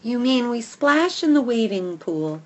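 A gentle, motherly female dog from a storybook, speaking with soft sympathy, as a woman reads her. Her voice sits a little high and tender. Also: big pitch swings, unhurried, muffled recording. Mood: kind.

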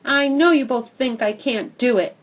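A woman's voice: fairly high pitch, normal speed, pitched above the performer's own voice, natural voice. A woman voicing a small, stubborn male dog who barks out defiant vows in a storybook reading. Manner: barking, defiant outbursts.

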